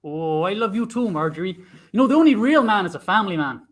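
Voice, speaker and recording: A man's voice: high-pitched, animated, fast talker, a bit bright. A man improvising a proud, folksy 1960s family man in a comedy scene. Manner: folksy, self-satisfied.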